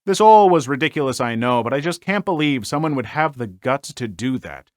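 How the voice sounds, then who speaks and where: A man hosting a story channel, reading online stories aloud and commenting on them in an animated, exclaiming way with frequent filler words. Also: mid-range voice, brisk, dry recording, clean studio sound.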